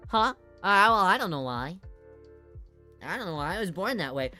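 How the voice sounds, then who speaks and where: A woman's voice: sits low, expressive, brisk, fairly bright tone, faint music behind. A woman streamer chatting casually and rambling, laughing often between thoughts. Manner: rambling, giggly, mock voices. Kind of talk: casual live-stream chat.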